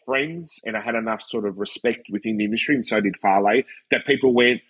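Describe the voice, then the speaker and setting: A man's voice: fairly low pitch, brisk, husky. A man, a wrestler and commentator, telling a story in casual podcast chat, acting out the people he quotes and leaning on "like". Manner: animated storyteller acting out quoted dialogue, frequent "like".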